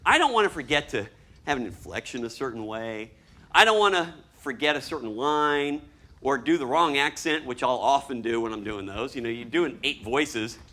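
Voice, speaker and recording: A man giving a lively talk to an audience as a storyboard artist, acting out scenes as he explains them. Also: medium pitch, normal speed. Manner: animated, acts out scenes and voices.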